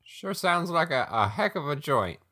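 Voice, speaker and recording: A man's voice: a little high, big pitch swings, moderate pace, bright, forceful tone, heavily acted. A man playing an easygoing pilot who loves fishing, friendly and agreeable, in a tabletop game. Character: easygoing male pilot, fishing hobbyist with pet snake.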